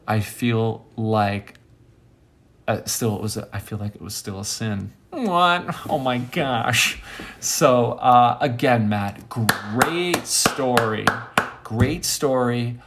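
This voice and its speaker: A man telling a rambling personal story in a casual monologue, acting out quoted friends with sudden high squeaks and dropping to quiet near-whispers. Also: slow, noisy background. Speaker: monologue host.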